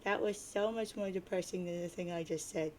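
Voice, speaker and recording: Une femme lisant un garçon prophète morose. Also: female voice, lowish voice, fairly even intonation, brisk, darkish tone, a little hiss or hum, close to an everyday voice. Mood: sarcastic. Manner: grumbly, sarcastic, self-pitying. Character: gloomy mopey teen boy prophet of doom. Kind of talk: dramatic reading of a webcomic.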